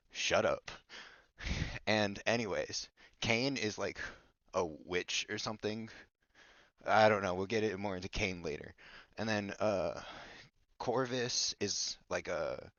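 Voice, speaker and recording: A low-voiced man rambles through a silly story recap in a casual podcast chat, goofy and mock-bossy. The recording is dull, lo-fi and dry, with no room sound. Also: takes it slowly, a bit bright, dry recording. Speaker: podcast host.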